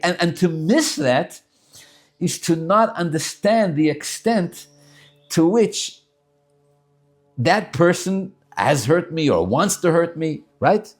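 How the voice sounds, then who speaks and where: A man teaching a religious text class in an animated, emphatic lecture style, often restarting and repeating words as he builds his points. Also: on the high side, slow, soft background music. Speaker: Torah teacher.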